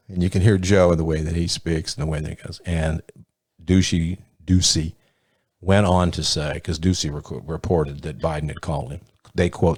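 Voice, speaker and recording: A man's voice: rumbling low, steady tone, moderate pace, a little mellow, breathy edge, no room sound, studio quality. A man hosting a podcast, giving blunt, profane, sarcastic commentary in a casual way. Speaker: podcast host.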